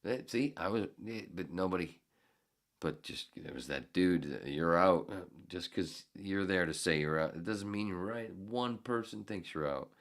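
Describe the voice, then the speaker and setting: A man's voice: sits low, moderate pace. A man in his fifties, a podcast host, telling a story in a casual, heated and profane way. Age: 50s.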